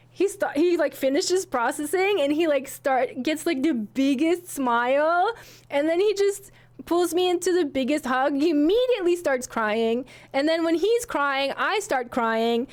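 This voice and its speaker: A woman's voice: sits high, lively intonation, unhurried. A young woman streamer telling a story casually to her chat, rambling and giggly with many restarts.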